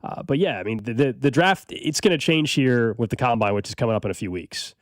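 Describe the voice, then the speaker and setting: A man hosting a sports radio show, talking casually and rambling with quick restarts. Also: mid-range voice, expressive, dry recording. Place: radio studio.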